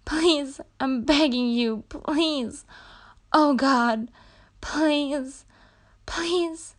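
A woman voicing a proud, defiant young captive princess in an adult audio role-play, breathy and gasping as she pleads. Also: sits high, drawn-out words. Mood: pleading.

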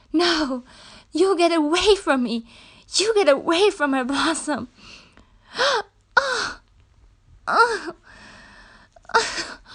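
A woman voicing a proud, defiant young captive princess in an adult audio role-play, breathy and gasping as she pleads. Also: high-pitched.

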